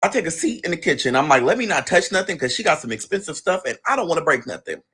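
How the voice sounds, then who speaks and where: A young man casually telling a long family story, animated and quick to act out what each relative said. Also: fairly high pitch, breathy edge. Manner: animated, acts out family members' lines in his own voice. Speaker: guest telling his story.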